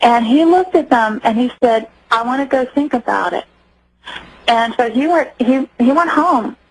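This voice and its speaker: A woman's voice: on the high side, lively intonation, breathy edge, poor audio. Earnest middle-aged woman on the radio. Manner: earnest, acts out quoted voices, halting restarts. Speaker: guest. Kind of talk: radio interview, personal account. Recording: radio broadcast.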